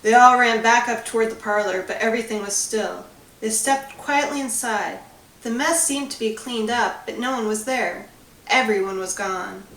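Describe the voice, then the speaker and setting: Woman reading her storybook aloud, echoey and distant. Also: fairly high pitch. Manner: expressive, measured storytelling. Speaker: author reading her book. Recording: roomy, distant recording.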